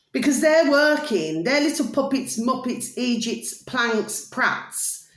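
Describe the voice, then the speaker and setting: A British woman in her fifties, talking straight to her viewers in a passionate, rambling monologue and often checking whether they follow her. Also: high-pitched. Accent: British English. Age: 50s. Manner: passionate, repeats pet names and asks "do you see". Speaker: video uploader. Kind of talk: casual ranting monologue to viewers. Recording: roomy echo.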